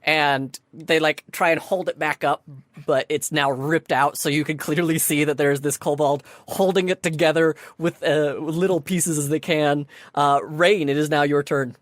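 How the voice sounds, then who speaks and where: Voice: mid-range voice, normal speed, no room sound. A person running a tabletop game as dungeon master, narrating the action with lots of fillers. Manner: lively scene narration with many fillers.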